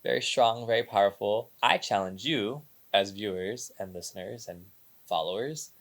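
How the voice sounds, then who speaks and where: A man's voice: lowish voice, moderate pace, fairly bright tone. A man co-hosting a casual podcast, talking emphatically, repeating phrases and acting out his own thoughts. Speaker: podcast co-host, dance company member.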